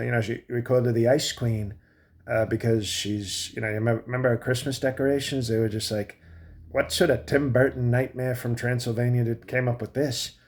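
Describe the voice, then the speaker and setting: A boastful, self-admiring president in his late seventies, as a man puts him on for a comedy monologue. He rambles from one thought to the next and cuts himself off mid-sentence, all at a mid-range pitch. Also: lightly acted. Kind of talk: comic impression monologue.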